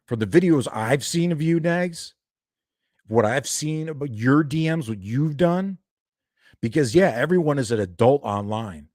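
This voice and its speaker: A man's voice: on the high side, animated, measured pace, a little mellow, no room sound, studio quality. A young man doing a heated, profane reaction video, ranting and calling people out. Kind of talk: angry reaction commentary.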